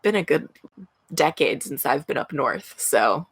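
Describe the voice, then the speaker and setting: A woman co-hosting a podcast talks casually through a story, leaning on fillers like "like" and "you know." Her voice sits a little low, and the sound is dry and close to the mic. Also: animated, a little slow, husky, no echo. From American Midwest. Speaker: podcast co-host.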